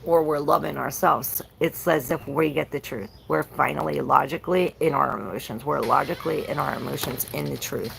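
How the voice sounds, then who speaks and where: A woman's voice: sits low, a little fast, creaky, hardly any pauses, noisy background. A woman giving a casual, rambling tarot reading on a livestream, repeating herself and swearing now and then.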